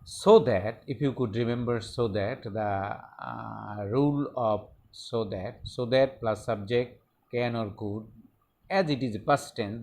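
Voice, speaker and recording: A man explains English grammar rules to his students. He talks at a very unhurried pace and keeps repeating key words as he works through each example. His voice sits at an ordinary, mid-level pitch. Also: darkish tone. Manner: deliberate, repeats words and phrases while explaining. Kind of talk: slow explanatory lesson.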